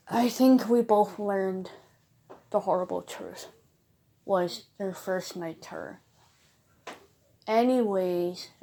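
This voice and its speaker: A woman's voice: mid-range voice, darkish tone. A young woman casually telling a rambling personal story in a vlog, chatty and emphatic, with lots of fillers. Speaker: bird owner vlogger.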